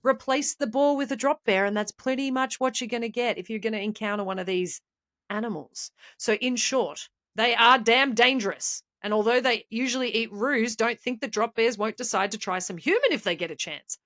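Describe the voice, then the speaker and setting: A woman's voice: on the high side, normal speed, a bit bright, no echo, studio quality. An Australian woman co-hosting a podcast, telling a comedic tale with playful mock-serious delivery. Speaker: podcast co-host.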